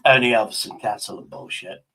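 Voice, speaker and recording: A man's voice: fairly low pitch, moderate pace, vocal fry, bright, forceful tone, rough recording. A man from Derbyshire with a Derbyshire accent, a tipsy stream host rambling and swearing in casual chat. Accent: Derbyshire English. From Derbyshire, England.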